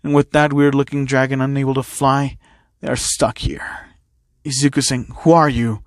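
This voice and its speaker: A man's voice: mid-range voice, little pitch movement, normal speed, no echo. Guy reading out a fan story, dry sound. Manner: plain reading of stage directions. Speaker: narrator.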